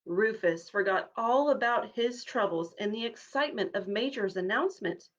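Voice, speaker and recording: A woman children's minister giving a live storytime, reading a picture book aloud to children with an expressive read-aloud manner. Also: mid-range voice, normal speed, hardly any pauses, lo-fi sound. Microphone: livestream device.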